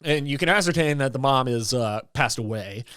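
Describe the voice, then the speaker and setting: A man's voice: mid-range voice, lively intonation, a little fast, fairly bright tone, clean tone, dry recording, studio quality. A young adult man co-hosting a film review podcast, chatting casually and joking as he recaps the plot. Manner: joking, laughing, mimics characters. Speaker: podcast co-host.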